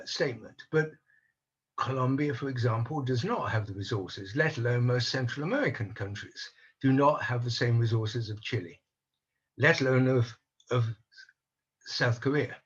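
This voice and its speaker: An older man speaking on a conference panel over a video call, measured and analytical, voicing doubts in a deliberate way. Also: medium pitch, slightly rough, dull audio. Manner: measured, analytical, openly skeptical. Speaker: panel speaker on housing policy. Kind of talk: online conference talk.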